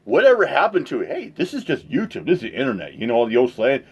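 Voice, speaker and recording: A man's voice: medium pitch, wildly swooping pitch, fast, breathy edge. A man reacting to a clip, chatting crudely and laughing at the people in it. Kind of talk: casual reaction commentary.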